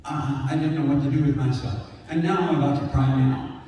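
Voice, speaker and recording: A man's voice: medium pitch, fairly even intonation, a little fast, a crowd in the background. An older man answering fan questions at a convention panel, rambling and emotional, at times close to tears. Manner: gruff, rambling, breaks down near tears. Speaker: celebrity convention panel guest. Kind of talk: emotional storytelling Q&A. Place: large convention hall. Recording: echoey hall, captured from far off.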